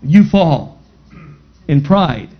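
Casting: male pastor preaching, high voice, dull lo-fi sound, dramatic swings. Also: expressive, drawn-out words. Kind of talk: sermon.

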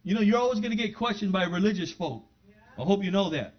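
A fast-talking, animated pastor with a high voice gives a sermon to his congregation in a church sanctuary. He swings between easygoing conversational remarks and booming, fervent proclamations, captured on a muffled, dull, lo-fi recording.

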